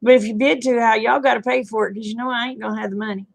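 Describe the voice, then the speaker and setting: Folksy Southern woman with a gravelly edge. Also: on the high side, steady tone, very fast. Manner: folksy, chatty, reading and answering viewer comments. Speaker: livestream host. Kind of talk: casual chat with viewers.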